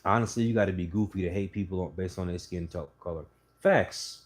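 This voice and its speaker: A man telling stories and opinions to his channel in a blunt, profane, animated way while sitting on a couch indoors. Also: deep voice, brisk. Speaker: channel host. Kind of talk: casual opinion monologue.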